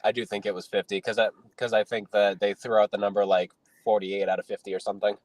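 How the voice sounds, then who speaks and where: A man's voice: fairly low pitch, level tone, quick pace, darkish tone, dry recording. A man co-hosting a casual live show, speaking in a matter-of-fact way and teasing the others. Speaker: podcast co-host.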